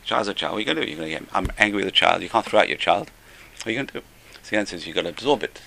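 An older man giving an informal Musar class, conversational, repeating key phrases and getting louder for emphasis. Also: sits low, animated, rapid-fire, creaky, slight background noise. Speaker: Torah teacher.

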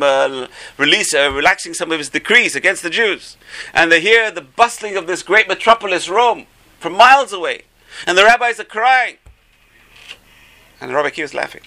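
A man, a rabbi, giving an animated Torah class, telling stories and mixing in Hebrew phrases. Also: a little high, gravelly.

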